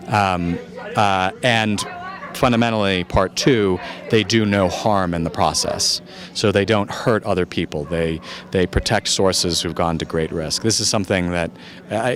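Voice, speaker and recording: Calm low-voiced man. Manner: calm and measured; thoughtful, searching for words. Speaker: journalist answering audience questions. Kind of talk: Q&A after a film screening.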